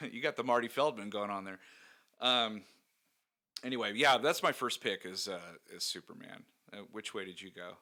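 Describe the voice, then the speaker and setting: Man, podcast co-host, very bright voice, lowish pitch, jokey, rambling. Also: normal speed. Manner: jokey, laughs often, rambling with fillers. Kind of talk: casual podcast chat.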